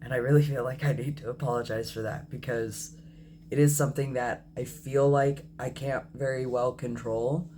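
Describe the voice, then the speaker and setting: A man in his thirties talking candidly in a personal video diary, reflective and apologetic, often pausing with ums and correcting himself. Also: medium pitch, fairly even intonation, warm tone, a little hiss or hum. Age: 30s. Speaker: vlogger.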